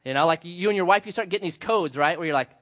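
Man, pastor, sermon, high voice, animated storytelling, slightly muffled recording. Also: fast talker.

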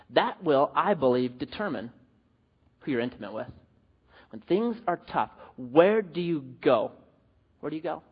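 Husky man preaching in a reverberant hall. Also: a little high, lo-fi sound. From US West Coast. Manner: animated storytelling, rhetorical questions. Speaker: pastor. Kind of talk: sermon with personal story.

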